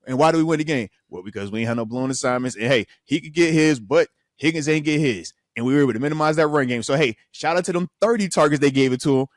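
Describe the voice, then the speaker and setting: Animated emphatic man, dry close sound. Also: a little high, quick pace, hardly any pauses, no room sound. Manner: animated, frustrated, emphatic repetition. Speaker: podcast host, former linebacker. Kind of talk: casual sports talk.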